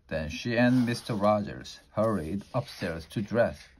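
A man reading a children's storybook aloud in a plain, unhurried way, slowing down for effect. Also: on the low side, lively intonation. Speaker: storybook reader.

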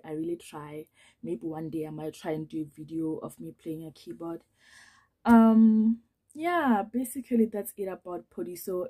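A woman's voice: fairly low pitch, warm tone, slightly rough. A young woman from Africa, chatting nervously to camera as she introduces herself on her vlog. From South Africa. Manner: nervous, chatty, many fillers. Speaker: vlogger. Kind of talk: casual chat to camera.

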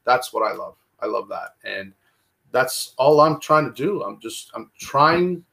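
A man's voice: medium pitch, animated, measured pace, creaky. Emotional man sharing his recovery story. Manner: emotional, repetitive, swings loud and soft. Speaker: guest. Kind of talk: candid conversation about recovery.

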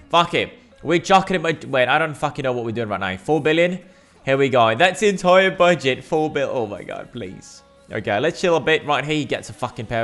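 A man doing fast, excitable gameplay commentary for his video channel, his voice sitting fairly high. He swears freely and keeps calling his viewers bro and mate. Soft music plays faintly underneath. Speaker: gaming YouTuber.

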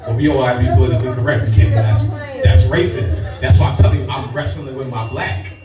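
A man's voice: medium pitch, quick pace, dull audio. A middle-aged man from Brooklyn, doing a brash, profane stand-up set and teasing the crowd. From Brooklyn, New York. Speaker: stand-up comedian. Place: comedy lounge, live audience. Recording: echoey club from far off, music, crowd.

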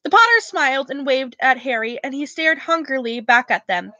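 A woman reads a novel aloud in a casual, unpolished way, stumbling and restarting now and then. Her voice is high and bright. The sound is close and dry. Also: lively intonation, moderate pace, no echo, rough recording. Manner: casual reading with slips and restarts. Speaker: reader.

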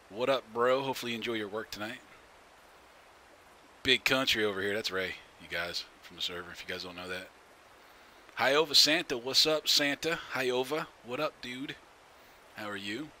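Bright low-voiced male streamer. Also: a little hiss or hum. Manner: greets chat viewers by name, laughs often. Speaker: game streamer. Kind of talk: casual live-stream chat.

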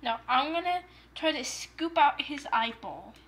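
Bright, lively woman narrating toy play. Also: high voice, measured pace, a little hiss or hum. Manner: playful, play-by-play narration with gasps. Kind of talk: narrating a homemade toy story.

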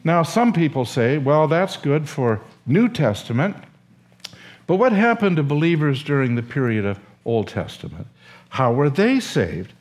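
An older man, a seminary professor, telling a story and lecturing in an animated, emotional way with acted quotes. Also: on the high side, unhurried.

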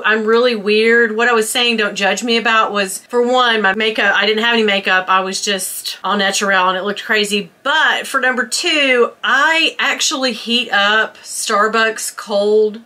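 A woman's voice: mid-range voice, bright, forceful tone. A woman, chatting casually to her viewers from home in a self-deprecating way as she opens advent calendars. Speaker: vlogger. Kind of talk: casual vlog chat. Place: at home, indoors.

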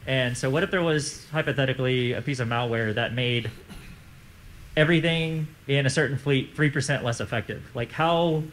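A man with a mid-pitched voice asks a panel a question from the audience. His phrasing is informal and speculative. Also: moderate pace, a bit bright, a little hiss or hum, poor audio. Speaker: audience member asking a question. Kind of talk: conference Q&A question.

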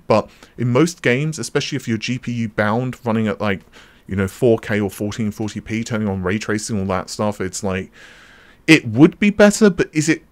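A man hosting a tech channel, talking casually and off the cuff, full of fillers, restarts and self-corrections. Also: on the low side. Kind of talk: casual unscripted commentary.

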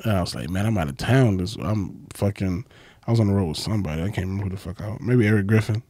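A man, a comedian guest, telling stories in casual chat, profane and animated, acting out quotes with big leaps in his voice. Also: rapid-fire, slightly rough, no room sound. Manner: profane, acts out quotes with big jumps in pitch.

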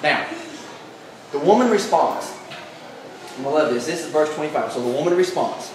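A high-voiced male pastor preaches with exuberant energy, driving points home and rising to shouts. His voice rings through a very echoey hall, heard from well back from the mic, with a faint room hiss underneath. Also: expressive, moderate pace, recorded from a distance. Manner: exuberant, emphatic, builds to shouts. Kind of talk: sermon. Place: large echoey church hall.

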